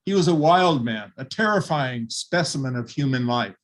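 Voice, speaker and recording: A man's voice: medium pitch, lively intonation, normal speed. An older man preaching a sermon, retelling a Bible story vividly and voicing its people. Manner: vivid retelling with acted quotes.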